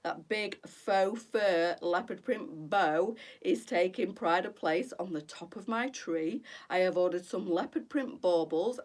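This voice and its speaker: A middle-aged woman, chatting casually to viewers on her boutique live stream and calling them girls. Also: fairly low pitch.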